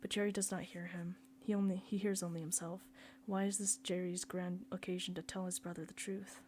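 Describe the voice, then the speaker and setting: Woman reading aloud, soft near-whisper, mellow tone, faint hum. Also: fairly low pitch, flat delivery, fairly quick. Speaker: reader.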